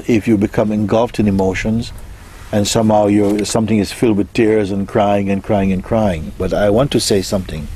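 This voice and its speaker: A man with a very low voice speaks as a spiritual teacher, answering a question in a soft, unhurried way. He muses gently and leaves pauses between his thoughts. A faint hiss of noise sits behind him.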